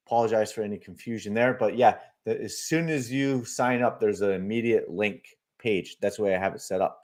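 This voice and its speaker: Guy running a live market stream, rambly and casual, lots of um and uh, chatting back to the comments. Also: medium pitch. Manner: chatty, reads viewer comments aloud and answers them; loose and speculative, many fillers. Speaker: livestream market analyst host.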